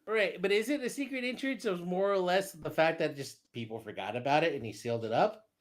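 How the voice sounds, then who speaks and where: A man's voice: high voice, fairly quick. A man co-hosting a casual movie discussion podcast, talking emphatically and repeating points. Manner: animated, emphatic, repeats himself. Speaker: podcast co-host.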